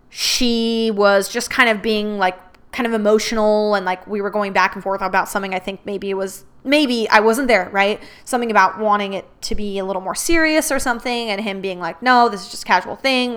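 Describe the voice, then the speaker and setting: A young adult woman telling a personal story in a candid, expressive way, swearing freely and quoting others in her own voice. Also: medium pitch, smooth. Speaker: podcast host. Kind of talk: casual storytelling.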